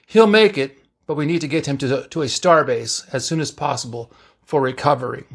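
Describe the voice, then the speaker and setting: A man voicing a gruff, blunt male ship doctor who barks orders in a read-aloud story. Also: medium pitch, a little fast. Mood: brusque. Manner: brusque, barking orders.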